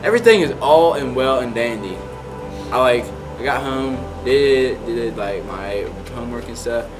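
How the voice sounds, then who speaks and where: A man's voice: mid-range voice, animated, moderate pace, music in the background, low-quality recording. A young man in his late teens casually telling a personal story, rambling and filling his talk with "like". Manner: rambling, heavy on "like" fillers. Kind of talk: casual anecdote.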